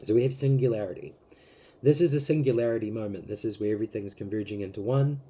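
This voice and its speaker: A man giving a casual tarot reading to camera, rambling with many fillers and gently emotional, close to tears. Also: on the low side, quick pace. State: teary, close to crying. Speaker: tarot reader.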